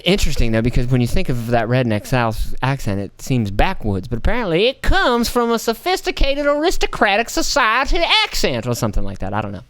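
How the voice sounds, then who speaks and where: A man's voice: mid-range voice, huge pitch swings, brisk, hardly any pauses, a bit bright, clear, resonant tone, no echo. American guy rambling on his own podcast, cussing a lot, voice real clean and dry. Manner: profane, rambling, slips into mocking put-on voices. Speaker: podcast host. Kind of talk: casual solo commentary.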